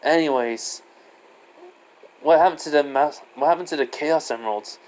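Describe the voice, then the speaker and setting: A man's voice: a little high, moderate pace, darkish tone, pitched above the performer's own voice, lightly acted, poor audio. A man voicing a cheeky, eager young hedgehog hero who keeps asking questions.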